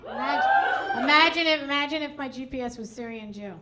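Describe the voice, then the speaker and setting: A woman's voice: sits high, wildly swooping pitch, a little fast, very noisy. A woman hosting a comedy club stage, doing chatty, self-mocking stand-up and working the crowd on a handheld mic.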